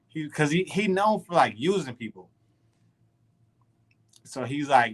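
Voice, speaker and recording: During a casual podcast chat, a male co-host tells a loose, slangy story, animated and full of restarts. His voice is a little high, his pace normal, and he pauses often.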